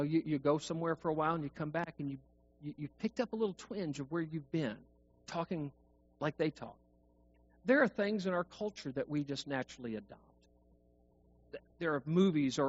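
A man preaching a sermon, talking conversationally and asking the congregation questions. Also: on the high side. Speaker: pastor. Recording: dull lo-fi recording.

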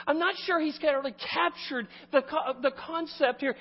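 Male pastor, very high voice, animated sermon delivery, muffled echoing hall recording. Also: normal speed. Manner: animated, swings between loud emphasis and quiet asides.

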